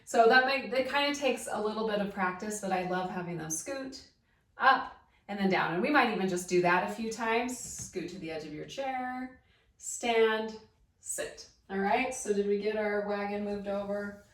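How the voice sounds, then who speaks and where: A woman's voice: medium pitch, moderate pace, a bit bright. A woman giving a casual, upbeat how-to lesson on children's singing activities, chatty and prone to friendly asides. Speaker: primary singing time teacher. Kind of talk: casual instructional talk. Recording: roomy, from a distance.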